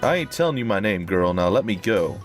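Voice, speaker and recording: A man doing a gruff ogre-voiced bandit. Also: fairly low pitch, big pitch swings, brisk, soft background music. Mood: surly. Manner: coarse ogre-like voice, bad grammar. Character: gruff male bandit captive, surly and dim.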